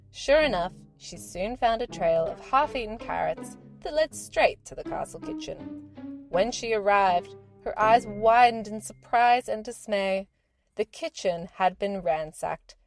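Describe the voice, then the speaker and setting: A woman with a medium-pitched voice reads a children's storybook aloud, telling it in a gentle, expressive way.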